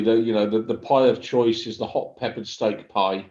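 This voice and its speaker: A man's voice: fairly low pitch, fairly even intonation, normal speed, darkish tone. A man chatting loosely as a guest on a casual football chat over a remote call. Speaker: panel guest. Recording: roomy, dull remote call audio.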